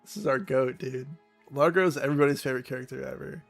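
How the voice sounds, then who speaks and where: A man's voice: mid-range voice, fast talker, vocal fry, soft background music. A man streaming a video game, cracking jokes between dialogue lines. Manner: joking asides between read lines. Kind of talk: casual gameplay commentary.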